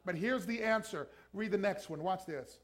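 A man's voice: sits high, moderate pace. A man preaching a sermon as pastor, emphatically urging the congregation to repeat lines after him. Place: church.

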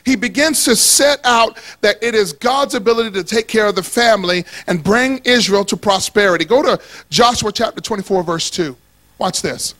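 A man with a strikingly high voice preaches to a church congregation. His delivery is animated and playful, drawing the room into call-and-response and rising to shouts on key lines. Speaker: pastor. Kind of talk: sermon.

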